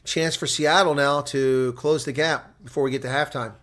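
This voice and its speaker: A man's voice: a little high, steady tone, moderate pace, a bit bright. Tired man calling rugby live. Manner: chatty, talks to viewers between calls. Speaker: host and play-by-play commentator. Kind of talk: live play-by-play reaction commentary.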